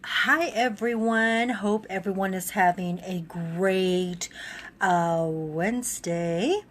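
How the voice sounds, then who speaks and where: A woman's voice: medium pitch, slow pace, slight background noise. A woman who runs a fitness program, speaking to camera in a casual, earnest and openly emotional gratitude video. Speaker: fitness and wellness program creator.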